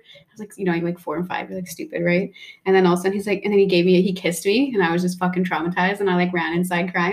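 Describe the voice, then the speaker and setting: A woman's voice: fairly low pitch, steady tone, rapid-fire, a little mellow. A young woman co-hosting a casual chat, who swears freely and acts out quotes when she tells a story. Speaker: podcast co-host.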